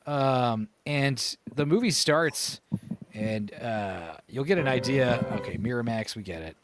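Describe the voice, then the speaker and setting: A man hosting a casual podcast, chatting about movies in a rambling way, with many pauses and self-corrections. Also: mid-range voice, animated, a little hiss or hum. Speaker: podcast host.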